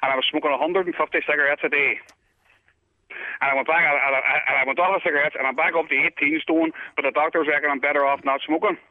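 A Northern Irish caller talks quickly and effusively, rambling on and leaning on the host's name. He sits a little high for a man. His voice comes through a thin, tinny phone line. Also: steady tone, no echo. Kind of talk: phone-in chat.

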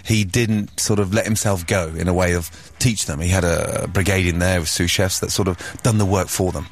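Male guest, low and husky, halting, easygoing delivery. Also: fairly even intonation. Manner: hesitant, many ums and restarts, laughs easily. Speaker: studio guest, chef. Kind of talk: casual interview chat.

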